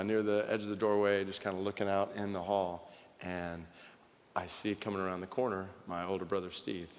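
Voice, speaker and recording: A man's voice: low-pitched, a little hiss or hum. A man preaching a sermon as a pastor, telling a personal story and then building to fervent emphasis. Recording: long hall reverb.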